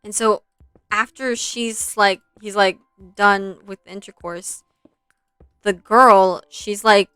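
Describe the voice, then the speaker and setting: Young woman streamer, rambling storyteller, crisp dry close sound, faint music behind. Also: medium pitch, takes it slowly, dry recording. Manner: rambling, easily sidetracked, animated retelling. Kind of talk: casual storytelling while streaming.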